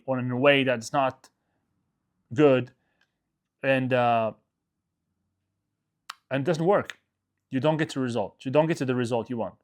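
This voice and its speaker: Coach guy doing a motivational talk, keeps saying okay?, mid-range voice. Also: medium pitch. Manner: emphatic, repeats phrases, frequent "okay?" check-ins.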